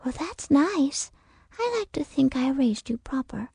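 A high, creaky, doting old mother. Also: very animated, unhurried, mellow, no echo, clean studio sound, full character voice. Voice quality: high, creaky, often breathy whisper. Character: doting older mother, fussy and proud.

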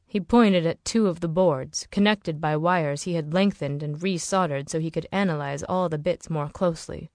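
Low-voiced woman narrating a novel. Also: moderate pace, few pauses, no echo, studio quality. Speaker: audiobook narrator. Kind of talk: scripted narration.

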